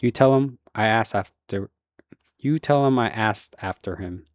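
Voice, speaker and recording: A man voicing a weary middle-aged army veteran, gruff and curt, with a low, deep voice. He talks quietly and to the point, read close and dry like an audiobook. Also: measured pace, no echo, close to an everyday voice.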